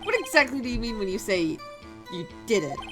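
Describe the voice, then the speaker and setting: A woman voicing a calm young male defense attorney with measured, dry questioning. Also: on the high side, faint music behind.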